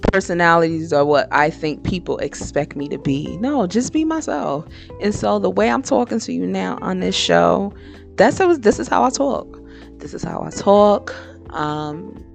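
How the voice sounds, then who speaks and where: A woman hosts her own podcast with a lowish voice full of gravelly fry. She gives frank, slangy advice in a loose, conversational monologue. Faint music plays underneath. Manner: frank, slangy and animated, switching into impressions. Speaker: podcast host. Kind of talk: casual motivational monologue.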